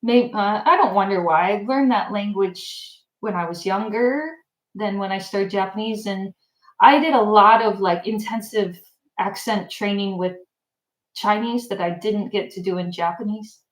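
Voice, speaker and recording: A woman from Michigan chatting casually on a livestream, animated and laughing often as she answers viewer comments. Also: mid-range voice, unhurried, roomy sound, low-quality recording. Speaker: language YouTuber.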